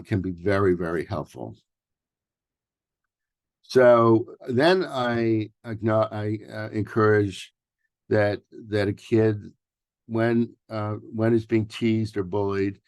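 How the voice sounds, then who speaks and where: Low gravelly man in his sixties lecturing. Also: no echo, clean studio sound. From New York City. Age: 60s. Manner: loose and conversational, with many fillers and restarts. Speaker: workshop presenter, family therapist. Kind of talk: lecture with personal stories.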